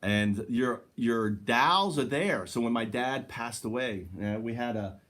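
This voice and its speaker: A man talks on camera from inside his home in a loose, wandering monologue. He chuckles between thoughts and keeps checking in with the viewer with "right?" His voice sits at an ordinary middle pitch. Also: a little slow, a bit bright. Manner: laughs often, tags lines with "right?". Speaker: vlogger. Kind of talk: rambling casual monologue. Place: his own house, indoors. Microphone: handheld camera.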